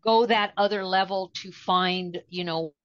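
A woman co-hosting a spirituality show in casual chat, talking in a meandering, halting way full of "you know" fillers. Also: mid-range voice, fairly even intonation, no room sound. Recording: dull lo-fi dry audio.

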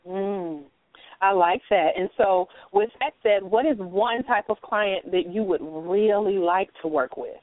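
A woman's voice: medium pitch, measured pace, no echo. A woman radio host interviewing a guest in an upbeat, encouraging way. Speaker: radio talk show host. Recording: dry, phone-like radio sound.

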